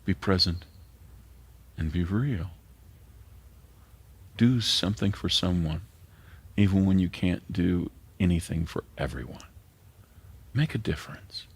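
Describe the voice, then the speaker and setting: A man's voice: low voice, a little slow, long pauses, husky. A middle-aged man, a pastor preaching an earnest sermon that sometimes drops to a near whisper.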